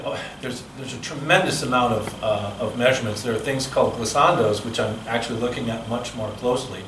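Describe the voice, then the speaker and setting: In an echoey seminar room, picked up from a distance with slight background noise, a male speaking coach with a mid-range, fairly bright voice gives a seminar lecture. He explains measurements in a chatty, explanatory way and fields questions.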